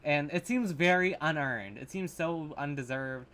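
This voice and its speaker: A man's voice: on the high side, measured pace, fairly bright tone. A man in a horror reaction vlog, rambling in loose commentary, full of fillers, swearing and sarcastic asides, recorded on his camera's mic.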